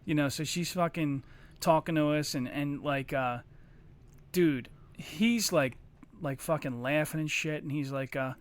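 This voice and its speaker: A man's voice: fairly high pitch, fairly even intonation, normal speed, dry recording. A man, co-hosting a podcast, telling wild stories in a rambling, profane, laughing way. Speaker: podcast co-host. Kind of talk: casual storytelling chat.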